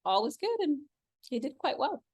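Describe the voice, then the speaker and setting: A middle-aged woman co-hosting a podcast, telling a personal story in casual chat and acting out quoted lines with big jumps in pitch. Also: big pitch swings, moderate pace, darkish tone. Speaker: podcast co-host.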